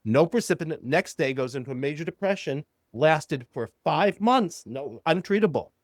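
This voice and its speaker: An older man, a psychologist guest on a podcast, telling a client story and acting out the dialogue in animated quotes. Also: a little high, normal speed, no echo, studio quality.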